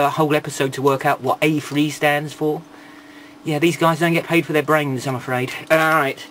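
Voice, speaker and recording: A man's voice: a little high, fairly bright tone, a little hiss or hum. A man giving a casual toy review, rambling, with irreverent and sarcastic asides.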